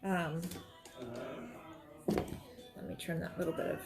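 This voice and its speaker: A woman's voice: fairly low pitch, flat delivery, takes it slowly, loud music behind the voice. A woman, chatting and rambling to viewers while she demonstrates quilting, talking straight to her audience. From Florida. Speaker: quilting livestream host.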